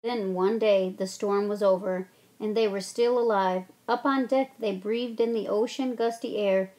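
A woman narrating a children's storybook aloud, giving the characters gentle voices. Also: medium pitch, steady tone, unhurried. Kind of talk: storybook reading.

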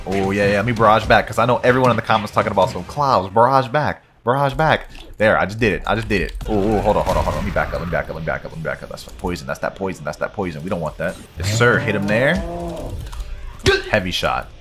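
Talking fast in a lowish voice over music, a gaming YouTuber narrates his let's-play with hyped, slangy excitement, pumping himself up as he goes.

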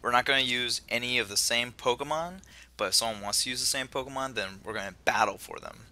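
A man's voice: mid-range voice, quick pace, bright, forceful tone. A man hosting a casual let's play, talking in a loose, rambling way with lots of "kinda" and "just". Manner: loose and rambling, with many fillers. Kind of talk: casual gaming chat.

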